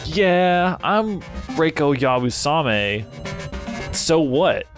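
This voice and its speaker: A man's voice: a little high, lively intonation, very slow, over music, heavily acted. A man voicing a defensive young woman from a game, who is curt and dismissive.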